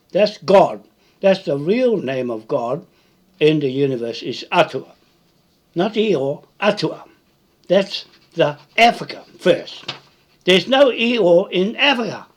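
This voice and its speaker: New man, husky and unhurried, swooping pitch, repetitive confrontational live-video rant. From New Zealand. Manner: repetitive, confrontational, tag questions like "Hmm?". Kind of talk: rambling live-stream monologue.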